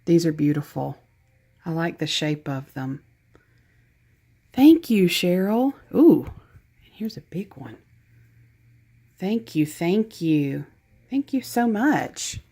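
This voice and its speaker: A Southern woman with a lowish, gravelly voice chats slowly to her camera while opening a gift box of craft supplies. She gushes over each item and laughs at her own clumsiness. The talk is casual and homey. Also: lively intonation, mellow. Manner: gushing, self-deprecating, chatty. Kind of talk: casual unboxing chat.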